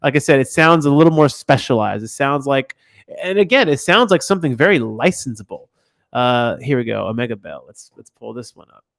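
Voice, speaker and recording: A man hosts a music feedback stream, talking in a loose, rambling way with plenty of restarts. His voice sits at an average pitch. The sound is dry and close. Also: lively intonation, fairly quick, vocal fry, no room sound. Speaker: livestream host giving music feedback. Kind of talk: casual livestream commentary.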